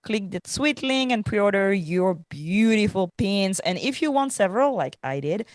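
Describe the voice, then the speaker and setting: A tired woman with a French accent chats through podcast announcements, laughing often and filling pauses with "uh" and "um". Her voice sits at a middling pitch, and the sound is close and dry, with no room echo. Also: expressive. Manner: chatty, laughing, many fillers. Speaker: podcast co-host. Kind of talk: casual podcast chat.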